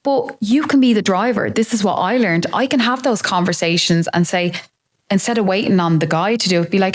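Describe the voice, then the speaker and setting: A woman's voice: medium pitch, fairly quick. A woman in her late thirties, possibly, talking openly and reflectively about her own life as a podcast host. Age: 30s. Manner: open, reflective, confiding. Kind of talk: candid personal monologue.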